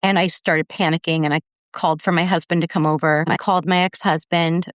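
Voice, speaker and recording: A woman's voice: low voice, steady tone, fairly quick, no room sound, clean studio sound. A middle-aged woman telling a personal story as a podcast guest, earnestly retelling events and quoting the dialogue.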